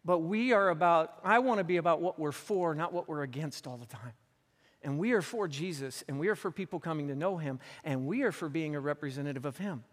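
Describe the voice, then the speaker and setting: A man's voice: fairly high pitch, a little fast, long reverb tail, a little hiss or hum. A man preaching a sermon as pastor on a church stage, telling a story earnestly and repeating phrases for emphasis.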